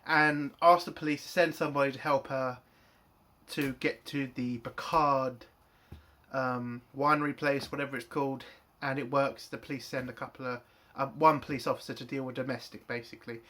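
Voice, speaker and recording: A man's voice: mid-range voice, steady tone, moderate pace, sharp tone. A man reviewing a TV episode in an angry, profane rant. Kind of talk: spoken TV review.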